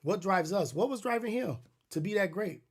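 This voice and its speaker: A man's voice: sits high, lively intonation, normal speed, slightly rough. A middle-aged man hosting a podcast, telling stories in a loose, profane, rambling way with many restarts. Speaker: podcast host. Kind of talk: casual storytelling monologue.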